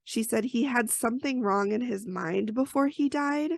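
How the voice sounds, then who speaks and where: A woman's voice: on the high side, moderate pace, gravelly, no echo. A woman hosting a podcast, recapping an episode in a chatty, storytelling way with personal asides. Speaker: podcast host.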